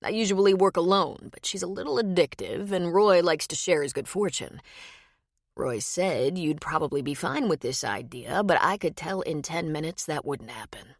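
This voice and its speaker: Vrouw die speelt sluwe mannelijke oplichter. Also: female voice, on the low side, animated, normal speed, no room sound, studio quality. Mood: menacing. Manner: teasing, slick, sinister. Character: smooth adult male con man, charming then menacing.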